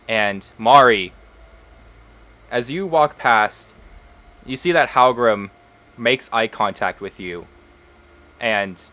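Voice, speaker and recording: A man's voice: mid-range voice, bright, forceful tone. A man narrating as game master of a tabletop role-playing game, casual, with frequent ums and uhs.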